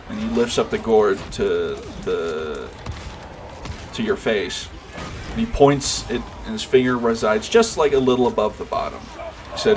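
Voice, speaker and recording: A man's voice: on the low side, unhurried, over music. A man streaming a game, chatting casually and rambling with lots of fillers and restarts. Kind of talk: casual chat while gaming. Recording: game noise in background.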